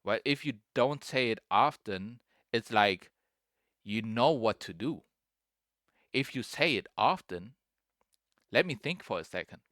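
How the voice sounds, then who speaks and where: A man's voice: fairly low pitch, lively intonation, unhurried, long pauses, fairly bright tone, no room sound, studio quality. A man giving casual reaction commentary as a streamer, rambling and repeating himself, full of "like" and "bro".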